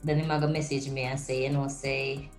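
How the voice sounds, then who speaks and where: A woman, co-hosting a podcast and telling a lively story in casual chat, slipping into patois. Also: extremely low pitch, fairly quick, soft background music. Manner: animated storytelling with slips into patois. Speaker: podcast co-host. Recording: roomy echo.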